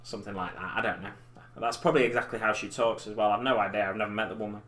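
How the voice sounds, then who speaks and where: Man, 30s, live-stream host; bright tone, chatty and self-deprecating. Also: fairly low pitch, steady tone, very fast. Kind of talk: casual chat while painting miniatures. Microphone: desk mic in front of keyboard.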